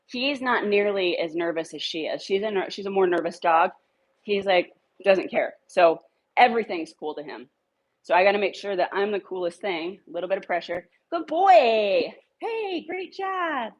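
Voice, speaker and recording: Woman dog trainer, lowish voice, casual and upbeat, coaxing dogs. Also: moderate pace, poor audio. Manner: upbeat, coaxing praise to dogs in a high sing-song. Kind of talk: casual training demo, talking to camera and dogs.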